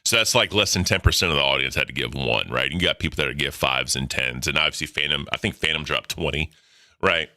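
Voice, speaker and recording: A man's voice: very deep voice, fast talker, bright, forceful tone, no room sound, studio quality. A man hosting a podcast in casual, profane, rambling banter. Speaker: podcast host. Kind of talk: casual crude commentary.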